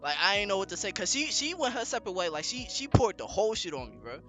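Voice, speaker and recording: A young man casually telling a story on a podcast, slangy and animated, with lots of fillers. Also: sits high, fast talker, faint music behind. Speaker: podcast co-host.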